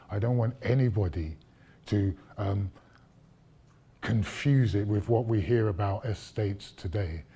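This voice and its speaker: A man's voice: on the low side, warm tone, slightly rough. A man giving a public lecture, telling stories from his past in a conversational way, with asides to the audience. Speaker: guest lecturer.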